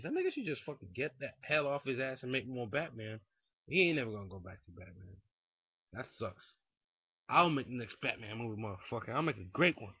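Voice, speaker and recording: A young man ranting casually into a webcam indoors, profane and rambling, swinging from muttering to shouting. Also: medium pitch, very animated, a little fast, husky, no room sound. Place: indoors at home. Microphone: webcam mic. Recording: dull lo-fi webcam audio.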